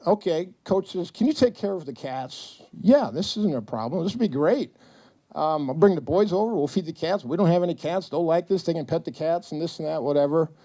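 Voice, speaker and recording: A man's voice: on the high side, expressive, fairly quick, warm tone. Man telling stories at a retirement party. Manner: storytelling, acting out quotes, joking. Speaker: speaker at a retirement celebration. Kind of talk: anecdotal speech to an audience. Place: event hall with audience.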